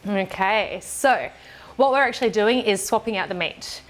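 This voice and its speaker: A woman's voice: mid-range voice, normal speed. Woman, home-kitchen cooking vlog co-host, plain explainer with fillers. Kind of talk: casual cooking chat.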